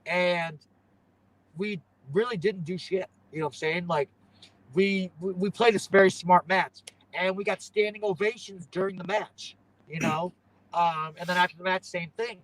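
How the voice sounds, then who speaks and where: A young pro wrestler chats casually in an interview, rambling and tacking "you know what I'm saying" onto his thoughts. His voice sits high with a steady tone, a slightly bright quality and a moderate pace, and the recording is rough.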